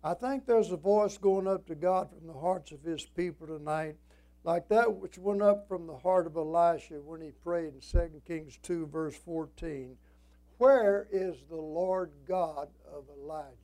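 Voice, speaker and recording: A man preaching a sermon in an evening church service, with a strong preaching cadence that swings between emphatic rises and hushed drops. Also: a little high. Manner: slow and deliberate.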